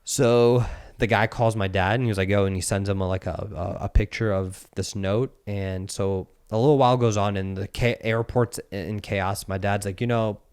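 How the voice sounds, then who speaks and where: Low-voiced man telling a story animatedly. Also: steady tone, normal speed, few pauses, darkish tone, clear, resonant tone, no echo, studio quality. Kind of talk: casual chat, storytelling.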